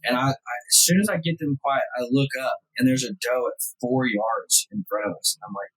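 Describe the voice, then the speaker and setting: A man in his thirties hosting a podcast, chatty and animated, tossing in "dude" and "bro". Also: medium pitch, brisk, few pauses, breathy edge, low-quality recording. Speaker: podcast host. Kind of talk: casual chat.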